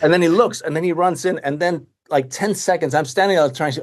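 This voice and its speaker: A man in his fifties from Denmark with a Danish accent, telling stories as a podcast guest in a lively way, often restarting and repeating words. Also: a little high, fast, hardly any pauses. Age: 50s. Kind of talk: casual anecdotal storytelling.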